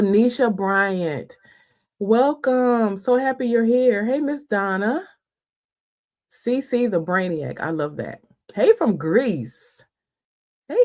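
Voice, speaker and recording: Woman, livestream host, casual folksy chat, mid pitch. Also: mellow. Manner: chatty, folksy, laughs easily, calls viewers girl and honey. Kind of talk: casual live chat greeting viewers.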